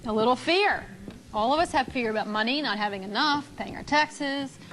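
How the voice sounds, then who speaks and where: A woman with a high voice runs a relationship seminar, speaking straight to a live audience. She tells a story about a couple with animated energy and keeps checking in with the room through questions. A faint hum of room noise sits under her voice. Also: moderate pace. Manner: animated storytelling, acting out both sides of a couple.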